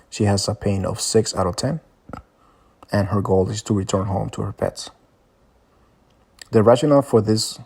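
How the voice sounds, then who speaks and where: Man narrating a case plan, low gravelly voice, husky tone. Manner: plain, even reading of a clinical plan. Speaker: student presenting a case. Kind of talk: read case summary narration.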